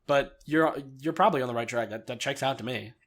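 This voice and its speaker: A man hosting a podcast, chatting casually, swearing freely and acting out characters in quick quoted voices. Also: medium pitch, a bit bright. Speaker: podcast host. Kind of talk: casual chat.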